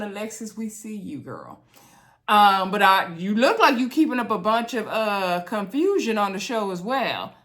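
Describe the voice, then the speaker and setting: A woman's voice: mid-range voice, fairly bright tone. Sassy chatty woman recapping a show. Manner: chatty and sassy, acts out quotes. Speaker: reality show recap host. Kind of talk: casual recap monologue.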